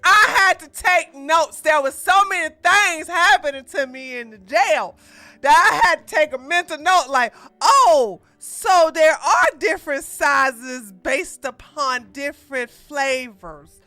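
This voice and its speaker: A woman's voice: high voice, animated, slow pace, pushed and bright, no echo, soft background music, heavily acted. A woman putting on a flamboyant, sassy man just out of jail, campy and drawling. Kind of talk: mocking podcast impression.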